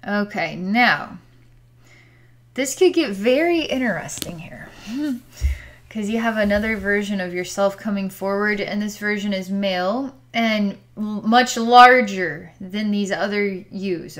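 A woman's voice: medium pitch, lively intonation, measured pace, fairly bright tone. Hesitant woman describing psychic visions. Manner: hesitant, searching for words, with sighs. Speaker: psychic healer. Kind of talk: describing visions in a distance healing session.

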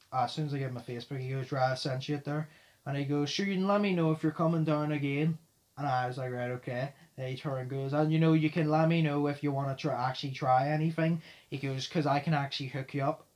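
Male podcast host, rapid, loud and foul-mouthed storyteller with a slightly high voice. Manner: fast, loud talker who swears often. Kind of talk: casual storytelling chat.

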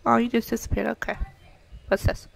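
This gameplay commentator is a young woman with a fairly high, gravelly voice that stays level in pitch and runs a little fast, with no echo. She chats casually and coos at her game's pets.

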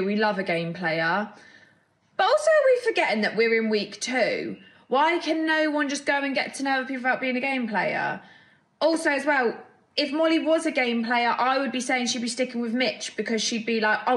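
A woman's voice: on the high side, very animated, normal speed, fairly bright tone. A young woman hosting a casual gossip show, chatty, gushing and opinionated. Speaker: host.

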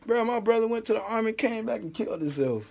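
Middle-aged florida dude hosting a podcast, highish voice, loud n laughing, cussing a lot. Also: male voice, animated, fast talker, gravelly. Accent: Southern US, Central Florida. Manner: loud, laughing, profane storytelling. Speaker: podcast host. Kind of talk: casual podcast banter.

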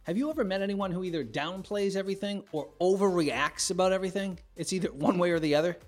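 Middle-aged man doing animated stand-up. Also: fast. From United States. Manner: animated, acts out characters with big pitch jumps. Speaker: stand-up comedian. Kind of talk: observational stand-up monologue.

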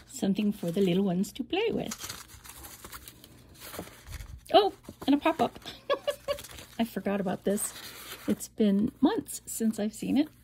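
A woman's voice: mid-range voice, huge pitch swings, slow, gravelly, long pauses, dark tone, slight background noise. A middle-aged woman casually showing off a handmade album, chatty and rambling, with frequent laughs and whispered asides. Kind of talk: casual show-and-tell.

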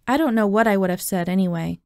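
A woman's voice: medium pitch, fast, clean tone, no room sound, studio quality. A woman reading a novel aloud, narrating expressively in the first person. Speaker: audiobook reader.

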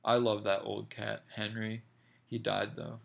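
A man reading a short story aloud in a slow, deliberate, measured way. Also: on the low side, flat delivery, creaky, fairly bright tone, muffled recording. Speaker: reader.

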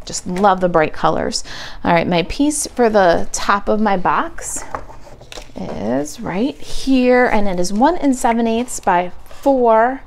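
A woman's voice: medium pitch, lively intonation, takes it slowly, creaky, a little hiss or hum. A woman demonstrating a craft project step by step, chatting and thinking aloud as she works at a home craft table.

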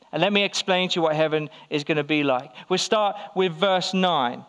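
A man's voice: a little high, normal speed, few pauses, a bit bright, clean tone. A man pastor preaching a conversational sermon to his church, firing rhetorical questions and acting out quoted voices. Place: church hall.

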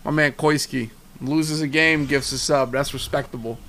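A man's voice: medium pitch, steady tone, moderate pace, sharp tone. A young man streaming a football video game, giving hyped, trash-talking live commentary to his chat and repeating himself as he plays. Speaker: gaming streamer.

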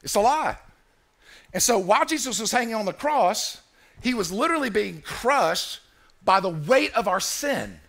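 A man's voice: high voice, lively intonation, normal speed, vocal fry, fairly bright tone. A man preaching a sermon as pastor in a church, emphatic and repetitive, calling on the congregation to answer him.

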